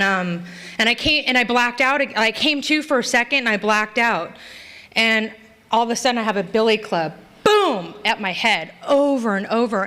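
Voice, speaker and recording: Bright, candid woman telling her story. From Los Angeles. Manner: candid, self-mocking, acts out past scenes in high voices. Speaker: recovery meeting speaker. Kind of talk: personal story told to a live audience. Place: meeting hall.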